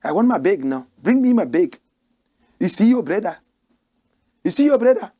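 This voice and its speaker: A man voicing an impatient man who loudly demands his bag and repeats himself. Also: sits high, sing-song, moderate pace, pitched above the performer's own voice. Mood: demanding. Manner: loud, bossy, repeating demands.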